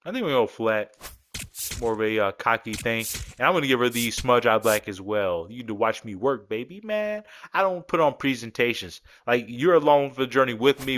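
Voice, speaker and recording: A man's voice: medium pitch, fairly bright tone, a little hiss or hum. A man giving casual, rambling commentary as a gaming creator, talking through his game creations in a laid-back, joking way. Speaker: gaming YouTuber.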